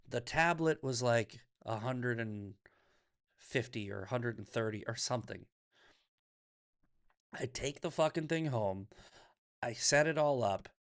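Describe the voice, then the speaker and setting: A man hosting a livestream, ranting casually and profanely, laughing often and reading viewer comments aloud. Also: mid-range voice. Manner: reads chat comments aloud. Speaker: livestream host.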